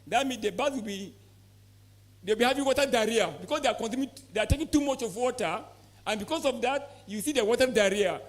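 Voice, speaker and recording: Speaking fast at an extremely high pitch, a Nigerian-accented poultry expert gives a forceful presentation to farmers in a conference hall. He keeps testing the crowd with questions he asks again and again.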